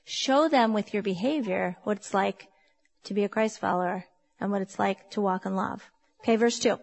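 A woman's voice: mid-range voice, moderate pace, creaky. A woman in her fifties teaching a Bible passage to a congregation, emphatic and conversational, often asking her listeners questions. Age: 50s. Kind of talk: sermon teaching.

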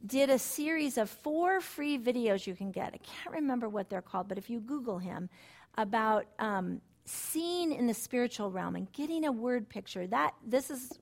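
In a relaxed Bible study, a middle-aged woman teaches through personal stories. Her tone travels from soft and subdued to excited and emphatic.

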